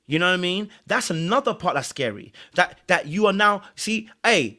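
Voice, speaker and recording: A man's voice: a little high, fast, hardly any pauses. A man hosting a podcast, giving emphatic commentary on a reality show and acting out the people he quotes. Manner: animated, emphatic, acts out quotes. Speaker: podcast host.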